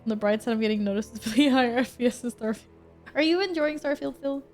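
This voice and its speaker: A woman's voice: on the high side, quick pace, darkish tone, faint music behind. A woman streamer chatting casually while she plays a game, reading out and answering her chat and laughing often.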